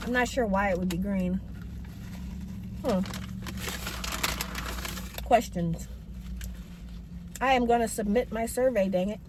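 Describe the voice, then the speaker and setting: A woman's voice: mid-range voice, takes it slowly, long pauses, background noise. A young woman rambling in a casual, self-mocking vlog while she eats, talking with her mouth full, in a parked car. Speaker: vlogger.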